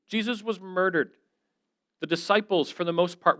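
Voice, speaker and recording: A man's voice: high voice, a little fast, fairly bright tone, no room sound. A middle-aged man giving an earnest, conversational sermon as a guest speaker, telling stories and voicing the people he quotes.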